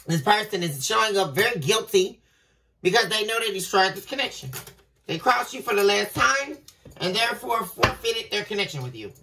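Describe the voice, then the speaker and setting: Woman tarot reader, lively swooping pitch, set a little back from the mic, dramatic and halting. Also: vocal fry, far from the mic, poor audio. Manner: dramatic, halting, repeats phrases for emphasis. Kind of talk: tarot reading addressed to viewers.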